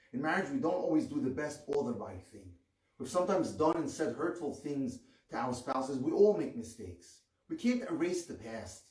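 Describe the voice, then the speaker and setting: A male rabbi giving an earnest, measured teaching on marriage, with pointed emphasis on key words. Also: medium pitch, darkish tone. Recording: echoey room, distant mic.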